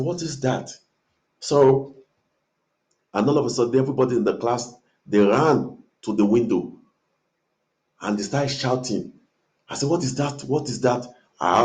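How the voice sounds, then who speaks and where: A man with a somewhat low voice tells a dream as a dramatic story. He repeats key phrases for emphasis. He mimics the blast of trumpets with his own voice. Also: darkish tone.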